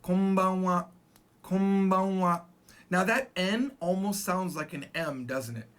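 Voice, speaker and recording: Lively, animated male language teacher. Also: high-pitched. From Japan. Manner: chatty, emphatic, repeats phrases slowly for practice. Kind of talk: casual spoken lesson.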